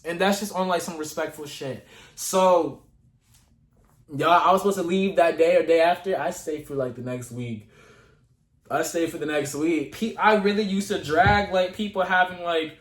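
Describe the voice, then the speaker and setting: Animated young man telling a story in an echoey room. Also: sits high, moderate pace. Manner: animated, dramatic retelling with slang and asides to viewers. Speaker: vlogger. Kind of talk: casual storytime to camera.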